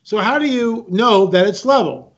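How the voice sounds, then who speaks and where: A guest speaker with a high-pitched voice and lively intonation tells stories at normal speed, emphasizing points, repeating himself and acting out other people's lines. The recording is muffled and lo-fi.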